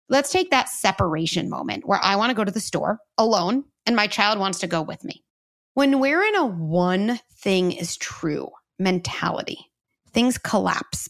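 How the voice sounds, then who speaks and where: A woman's voice: mid-range voice, fairly bright tone. A woman guest explaining parenting ideas in an earnest, conversational way, with frequent "like" and "you know". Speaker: guest, parenting expert and author. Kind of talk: conversational interview.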